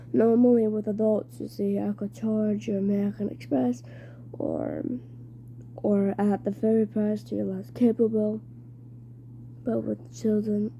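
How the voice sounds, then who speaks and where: A smooth, sly ferryman of the dead from a storybook, as a woman reading aloud puts him on. He speaks in a put-on British accent, coldly sweet and unhurried. The tone is dark and low-lit, with a slightly high pitch. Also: slight background noise.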